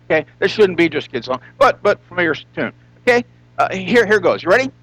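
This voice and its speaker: A man's voice: high voice, very animated, a little fast, a bit bright, slightly rough, low-quality recording. A man preaching a sermon as pastor, emphatic, asking rhetorical questions and stretching out repeated phrases.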